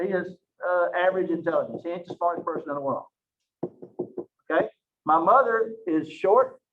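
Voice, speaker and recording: A man teaching a biology lecture, lively and joking at his own expense, with frequent rhetorical questions. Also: high voice. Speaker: biology instructor. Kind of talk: recorded online lecture. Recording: roomy, distant, dull lo-fi mic.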